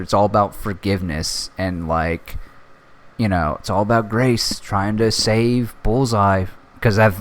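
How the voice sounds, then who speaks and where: A man hosting a casual solo podcast, reviewing a TV show in an excitable way, swearing often and full of fillers. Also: low voice. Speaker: podcast host.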